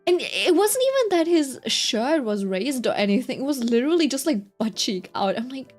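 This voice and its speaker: A woman's voice: high-pitched, sing-song, moderate pace, soft background music. A young woman streamer chatting casually, telling a rambling story full of fillers and giggles.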